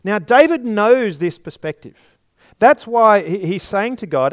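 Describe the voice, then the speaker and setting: A man's voice: high voice, lively intonation, unhurried, no echo. A male preacher from giving a sermon, explaining a Bible passage with everyday examples and some restarts.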